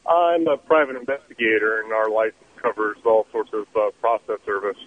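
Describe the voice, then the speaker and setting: A man calling in to a radio show, a private investigator telling a story in a halting way with many fillers. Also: fairly low pitch, steady tone, no echo. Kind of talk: phone-in storytelling. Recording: tinny phone line with faint noise.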